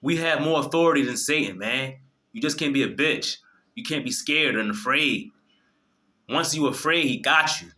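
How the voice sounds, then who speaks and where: A man's voice: mid-range voice, moderate pace, bright, forceful tone. A man delivering an impassioned, preachy monologue to his viewers, swearing freely and often restarting his sentences. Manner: fervent, preachy, profane, many restarts. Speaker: video host.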